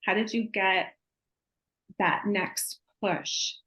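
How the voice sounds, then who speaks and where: A woman co-hosting a podcast, asking questions in an empathetic, measured way. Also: medium pitch, fairly even intonation, bright, forceful tone, lo-fi sound. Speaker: guest co-host. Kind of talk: podcast interview.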